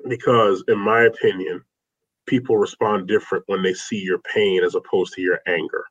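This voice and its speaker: A man with a low, husky, steady voice speaks at a moderate pace as an interview guest. He tells personal stories earnestly, rambling with many restarts and often saying "man," on a slightly dull lo-fi recording.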